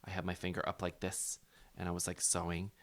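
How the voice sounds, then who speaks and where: A man co-hosting a casual recap chat, telling animated stories with sudden loud yelps and laughs. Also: deep voice, brisk. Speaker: podcast co-host and former contestant.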